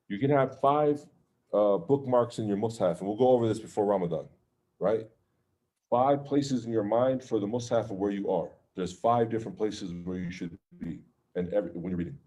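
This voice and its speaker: A man's voice: fairly low pitch, warm tone. A man teaching an informal religious class, talking conversationally and checking in with his listeners with "okay?" and "right?". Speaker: Islamic teacher.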